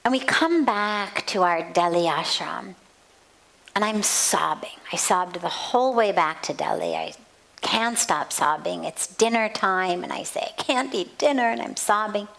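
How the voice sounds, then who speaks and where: A woman spiritual teacher giving a talk at a satsang, telling a story in a slow, measured way. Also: on the low side, big pitch swings, creaky, fairly bright tone, low-quality recording. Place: outdoor garden.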